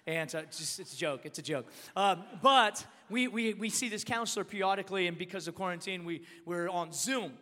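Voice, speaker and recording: A man preaching a storytelling sermon, animated and emphatic, repeating words and rising to shouts at his peaks. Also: on the high side. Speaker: pastor. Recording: long hall reverb.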